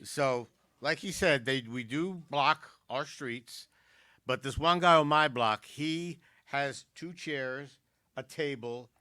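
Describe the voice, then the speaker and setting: Bright-voiced Philly stand-up comic. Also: male voice, mid-range voice, slow pace, no room sound, studio quality. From South Philadelphia. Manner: joke-telling with wisecracks and asides. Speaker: stand-up comedian. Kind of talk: stand-up comedy set. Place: community arts center.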